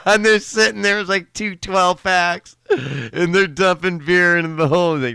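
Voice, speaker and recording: A man's voice: high voice, normal speed, vocal fry, pushed and bright, smooth, no room sound. A middle-aged man telling family stories to a live stream, rambling, laughing often and correcting himself as he goes. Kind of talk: casual storytelling to a live stream.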